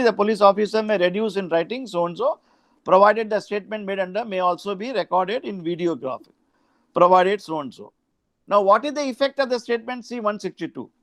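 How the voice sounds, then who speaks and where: Indian English man, law lecture, reads out statutes, high pitch. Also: no echo. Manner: reads statute aloud, mixing in Hindi asides. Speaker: law professor.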